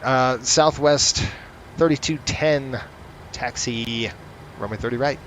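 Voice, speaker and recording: A man's voice: medium pitch, unhurried, a bit bright, slight background noise, rough recording. A man casually commenting on a flight simulator session, running through checklist callouts and ranting sarcastically between them. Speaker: flight sim streamer.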